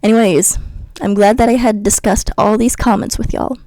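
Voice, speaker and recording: A woman's voice: medium pitch, steady tone, moderate pace, dark tone, no echo, rough recording. A woman vlogger giving a blunt, sarcastic rant and mocking her commenters. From United States. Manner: blunt and sarcastic, mocks commenters in sing-song voices. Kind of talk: ranting commentary.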